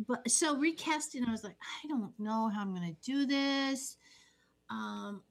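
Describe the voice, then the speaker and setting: A woman co-hosting a casual podcast chat, telling stories animatedly with quoted asides. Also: mid-range voice. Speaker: podcast co-host.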